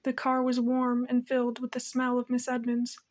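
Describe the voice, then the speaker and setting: A woman narrating an audiobook with a steady, even storytelling manner. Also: fairly high pitch, normal speed.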